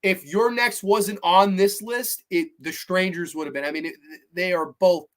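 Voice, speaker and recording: Brief: male stream host, blunt profane ranter, slightly raised pitch. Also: fairly even intonation, normal speed. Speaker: podcast host reading live chat. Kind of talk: casual live-stream chat.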